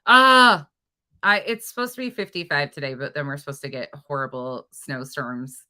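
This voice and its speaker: Hosting a true crime livestream, a woman chats casually and reads viewer comments aloud with energy and expression. Her voice is low and her pace moderate.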